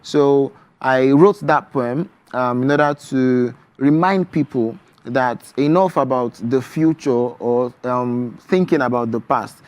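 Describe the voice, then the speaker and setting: A young man with a Nigerian English accent, a guest author talking about his poetry on a morning TV show in a measured, reflective way. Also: medium pitch, a little mellow, clean tone, no echo. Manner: measured, reflective, with frequent ums. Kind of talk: TV interview, reading his poetry.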